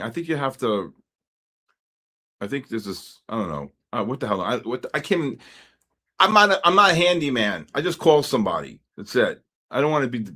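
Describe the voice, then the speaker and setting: A man hosting a live trading stream, chatting in a rambling, wisecracking way and telling stories between market calls. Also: medium pitch. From New York. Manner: rambling, wisecracking, animated storytelling with asides to chat. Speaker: trading livestream host. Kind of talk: casual chat while trading live.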